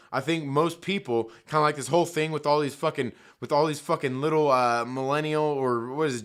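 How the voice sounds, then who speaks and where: A man's voice: a little high, fairly bright tone. A man hosting a casual film review, rambling and heated, swearing often and stacking fillers. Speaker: movie commentary host.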